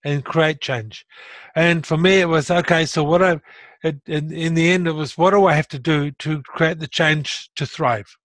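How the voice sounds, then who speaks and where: A middle-aged man shares the story of his stroke recovery in a casual conversation, his voice a little high and his pace moderate. He's blunt and earnest, growing animated as he retells events, and the recording has no room sound.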